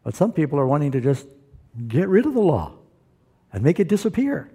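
A man's voice: on the high side, big pitch swings, brisk, dark tone, husky. A male pastor preaching a sermon, asking the congregation questions and calling for amens. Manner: asks the audience questions, calls for amens.

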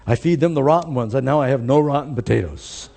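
A man's voice: mid-range voice, fast talker, vocal fry, warm tone. A man voicing a grumbling old farmer who always complains. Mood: sour. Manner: sour, grumbling.

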